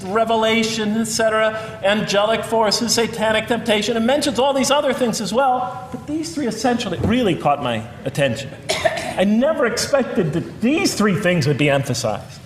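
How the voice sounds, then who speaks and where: A man's voice: high-pitched, animated, normal speed, slight background noise. American man lecturing in a reverberant hall. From United States. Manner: conversational with wry asides. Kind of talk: public lecture. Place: large lecture hall with audience. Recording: long reverb of a large hall.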